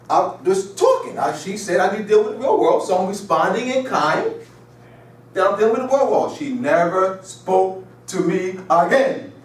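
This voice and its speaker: A man lectures a class in a high voice that leaps up and down. He hammers his points with repetition and rhetorical questions, then drifts into chatty anecdotes. He is picked up from far off in a strongly echoing room. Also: slight background noise. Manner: chatty storytelling asides. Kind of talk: classroom lecture with call and response. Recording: echoey room, mic far off.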